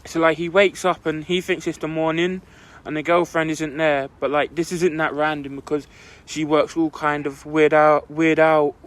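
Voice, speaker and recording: A man's voice: fairly high pitch, little pitch movement, normal speed, hardly any pauses. A young man, co-hosting a podcast and telling a long story in casual chat, rambling and filling his talk with "like". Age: young adult. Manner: rambling, fills with "like" constantly. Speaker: podcast co-host.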